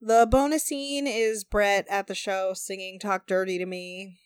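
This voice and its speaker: A woman's voice: mid-range voice, fairly even intonation, a little slow, clear, resonant tone, dry recording. Young woman, podcast co-host, sarcastic, swears a lot, dry close mic sound. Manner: chatty, profane, sarcastic asides. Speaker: podcast co-host recapping a reality show. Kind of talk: casual chat.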